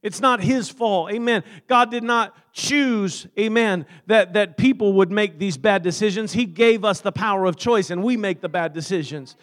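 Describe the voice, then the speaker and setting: A male pastor preaching a fervent sermon, punctuating his lines with amens and swinging from shouts down to hushed, pleading passages. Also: sits high, normal speed, few pauses.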